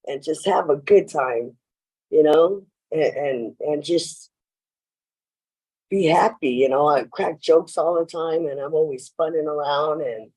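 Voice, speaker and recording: In a meeting room, a woman with a low, darkish voice gives a personal share at a recovery meeting, caught on a low-quality recording. She rambles through her story, saying "you know" a lot and acting out the lines people said.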